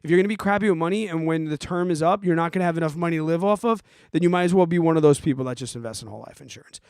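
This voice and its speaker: A forty-year-old man hosting a podcast, ranting in an animated, exasperated way and giving casual advice to listeners. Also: a little high, rapid-fire, clear, resonant tone, no echo, clean studio sound. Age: 40s. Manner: animated, exasperated, emphatic, swears. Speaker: podcast host answering listener questions.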